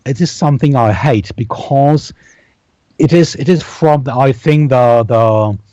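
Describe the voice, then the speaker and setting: A man chatting casually as a guest, halting often and repeating words as he searches for them. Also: medium pitch, dark tone, dry recording, highs cut off. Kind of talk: casual conversation.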